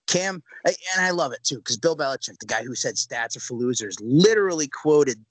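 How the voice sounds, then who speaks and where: A young man co-hosting a sports podcast, ranting loudly with sudden jumps in pitch. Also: animated, moderate pace, no room sound, low-quality recording. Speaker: podcast co-host.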